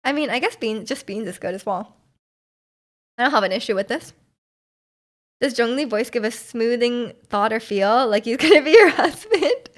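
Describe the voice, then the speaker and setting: A woman's voice: fairly high pitch, expressive, normal speed, long pauses. A young woman streamer chatting casually with her viewers, giggling and rambling as she answers their chat messages. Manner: giggly, rambling, trails off into mumbles.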